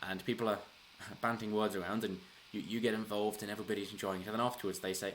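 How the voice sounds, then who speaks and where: Speaking very fast in a very low, slightly bright voice with fairly even intonation, this political commentary channel host gives a casual solo rundown of the news. He rambles, keeps restarting his sentences, and chuckles along the way, with a faint hiss behind the recording.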